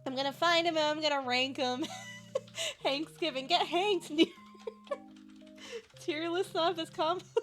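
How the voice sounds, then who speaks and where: Giggly high-voiced woman streamer. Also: a little slow, pauses often, a bit bright, soft background music. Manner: giggly, laughs constantly; playful and loopy. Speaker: live streamer. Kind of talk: casual chat with stream viewers.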